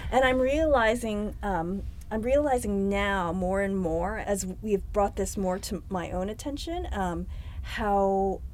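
A woman's voice: medium pitch, slow pace, a little hiss or hum. A woman co-hosting a podcast in casual conversation, telling stories about herself with self-deprecating humor and frequent laughter. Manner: self-deprecating, animated storytelling, laughs a lot. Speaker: podcast co-host.

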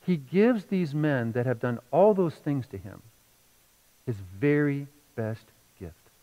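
A middle-aged man preaching a sermon as pastor, telling a personal story with feeling and moving between hushed and loud passages. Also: medium pitch, lively intonation, slow, muffled recording.

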